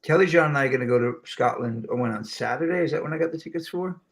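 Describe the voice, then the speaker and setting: A middle-aged man from New York hosting a show, telling stories in an animated casual way. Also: mid-range voice, very fast. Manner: animated storyteller, slips into voices. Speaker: show host. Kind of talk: casual storytelling chat.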